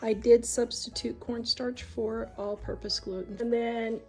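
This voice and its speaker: Slow-talking woman demoing a recipe. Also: fairly high pitch, flat delivery, a little mellow, poor audio. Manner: chatty, homey, narrating each step aloud. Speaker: home cook and channel host. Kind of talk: casual cooking demonstration. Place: home kitchen. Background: background music.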